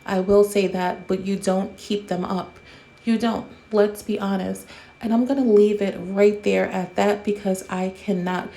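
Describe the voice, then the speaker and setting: Blunt, mellow-voiced woman host. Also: medium pitch, fairly even intonation, unhurried, creaky. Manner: blunt, profane, roasting. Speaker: commentary host. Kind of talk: casual commentary.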